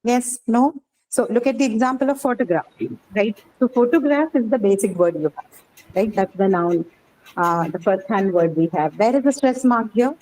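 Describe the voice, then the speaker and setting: A woman's voice: on the high side, moderate pace, a little mellow, rough recording. Woman, English teacher, classroom lecture, patient explainer who keeps asking if the class follows.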